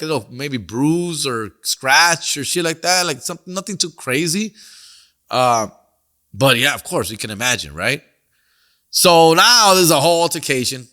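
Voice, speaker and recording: This middle-aged man is a comedian hosting a podcast, spinning a story in slang that's sprinkled with Spanish and with "fool" and "dog". He speaks a little high, in a pushed, bright voice.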